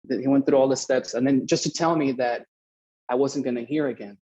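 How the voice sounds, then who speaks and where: A young adult man from Mexico appears as a podcast guest, telling a story in casual, profane talk and animatedly playing both sides of the conversation. His voice is mid-range and brisk, and the recording is muffled.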